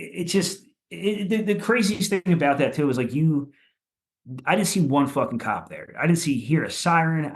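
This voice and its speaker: A man from Philadelphia, a punk musician guest on a podcast, telling stories in a rambling way with lots of swearing and "like" fillers. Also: mid-range voice. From Philadelphia, USA. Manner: rambling, profane, many "like" fillers. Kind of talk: casual chat.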